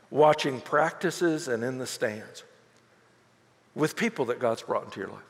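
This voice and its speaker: Animated high-voiced male pastor preaching. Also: big-room sound. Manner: animated storytelling with quoted voices. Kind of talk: sermon.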